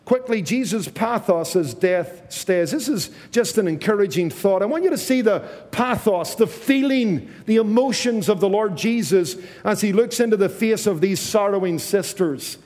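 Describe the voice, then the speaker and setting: A man preaching a sermon, slow and emphatic, repeating key phrases to his congregation. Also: high-pitched, animated, darkish tone, in a large hall.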